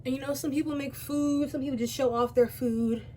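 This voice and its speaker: A woman's voice: high voice, steady tone, fairly quick, mellow, a little hiss or hum. Chatty teenage girl, rambling vlog. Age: teens. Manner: rambling, chatty, self-interrupting. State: out of breath. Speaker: beauty vlogger. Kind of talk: casual storytime chat while doing makeup. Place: home, by a window.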